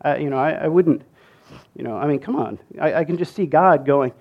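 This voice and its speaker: A man's voice: on the high side, fairly quick, highs cut off. A man retelling a Bible story in a casual, conversational way, with many fillers, restarts and asides to the listener.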